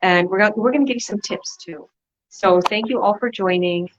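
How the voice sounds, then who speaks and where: A woman's voice: medium pitch, brisk, dull audio, background noise. A woman business coach hosting a motivational online talk, upbeat and preachy, often repeating herself.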